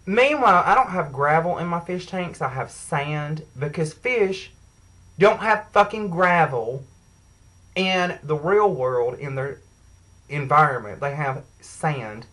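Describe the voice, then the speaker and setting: A woman's voice: sits low, lively intonation, slow pace, a bit bright, low-quality recording. A woman telling an angry, profane story to her viewers in a sassy, heated way. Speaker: vlogger. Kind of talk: angry rant to camera.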